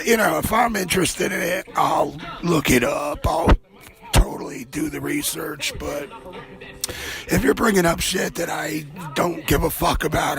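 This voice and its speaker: A man's voice: a little high, gravelly. A man hosting a comedy show, rambling through a profane, offhand monologue. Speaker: host.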